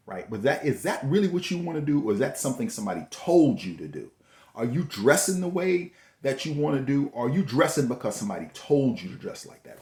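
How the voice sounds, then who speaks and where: A man's voice: mid-range voice, sing-song, a little fast, gravelly, darkish tone. A man giving a motivational talk, preachy and repetitive, full of rhetorical questions. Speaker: host. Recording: echoey room.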